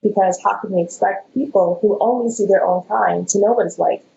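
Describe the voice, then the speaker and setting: A woman's voice: medium pitch, brisk, creaky. A young woman speaking earnestly as a panelist, often acting out what other people say in quoted bits. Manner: earnest, animated quoting of others' words. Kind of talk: candid panel discussion. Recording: dull lo-fi audio with faint noise.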